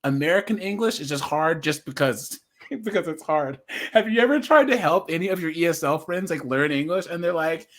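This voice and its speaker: A man hosting a casual livestream commentary, chatty and laughing often, jumping into high mimicking voices. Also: animated, fairly quick.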